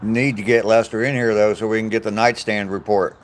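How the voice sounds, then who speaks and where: A man's voice: lowish voice, little pitch movement, fairly quick, slight background noise. An older American man hosting a live stream on a walk, chatting casually and joking with viewers. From United States. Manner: rambling, jokey, laughs at own stories. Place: outdoors on a walk.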